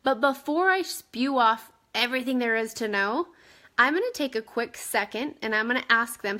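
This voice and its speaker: A woman in her thirties coaches her team in an energetic, chatty way, speaking from home. Her voice sits somewhat high and has a crisp, forceful brightness, and she keeps checking in with her listeners as she goes. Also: normal speed. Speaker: direct sales team leader. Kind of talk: casual coaching talk to camera.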